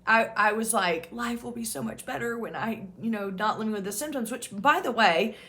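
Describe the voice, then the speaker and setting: A woman's voice: a little high, moderate pace, a bit bright. A woman hosting her own channel as a peer support specialist, telling a personal story to camera in a frank, casual way, swearing freely and laughing at herself.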